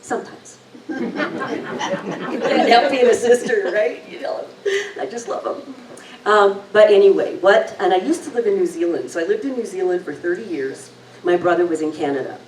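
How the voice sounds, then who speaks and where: An older woman presenting a workshop, telling a personal story in an unhurried, chatty way and then leading a guided relaxation. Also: medium pitch, a crowd in the background. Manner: unhurried, chatty, with laughs and acted-out quotes. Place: community hall. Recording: roomy hall, far from the mic, faint noise.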